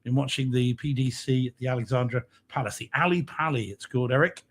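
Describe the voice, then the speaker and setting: A man's voice: mid-range voice, quick pace. A man co-hosting a podcast in a casual live-stream chat, reading out and greeting viewer comments. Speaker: podcast co-host.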